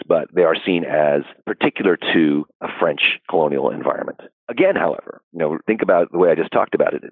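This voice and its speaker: A man's voice: extremely low pitch, slightly rough, no echo. A man talking as a historian guest in a podcast interview, thoughtful and discursive with many fillers. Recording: dry, phone-like call audio.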